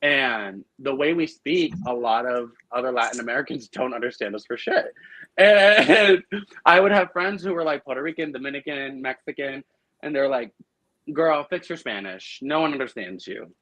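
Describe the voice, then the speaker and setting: A man's voice: medium pitch, dry recording, rough recording. Chatty man with a Boston accent. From Argentina. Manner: animated, quick storytelling with lots of fillers. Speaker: drag performer guest. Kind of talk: casual podcast chat.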